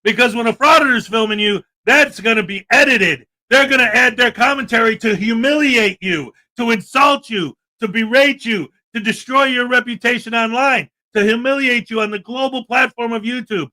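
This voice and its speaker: A man with a strikingly high-pitched voice rants through his livestream. His tone is bright and cutting, sarcastic and indignant as he shoots back at comments from chat. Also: normal speed, hardly any pauses. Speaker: livestream host.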